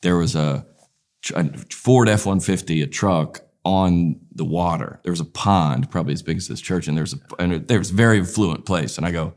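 Man, very low voice, rambling, animated storyteller. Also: brisk. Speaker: comedian, guest. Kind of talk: casual interview storytelling.

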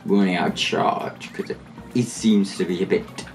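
A man's voice: sits low, steady tone, moderate pace, creaky. A young man chatting casually over a game he is playing, rambling and restarting his sentences, with game music underneath. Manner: rambling, chatty, with frequent restarts and jokey asides. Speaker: gaming channel host. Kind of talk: casual let's play commentary.

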